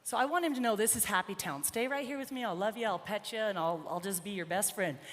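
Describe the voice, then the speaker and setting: A horse trainer talks fast at a medium pitch as she works with her colt before a crowd, cheering the animal on and chatting with spectators. The live demonstration takes place in a large indoor arena, with reverberant sound and faint noise.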